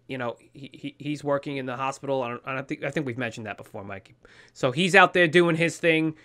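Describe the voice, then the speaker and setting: A man's voice: mid-range voice, a little fast, pushed and bright. A man co-hosting a podcast, ranting heatedly with lots of swearing and pleading with listeners. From New York. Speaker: podcast co-host. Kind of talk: casual podcast rant.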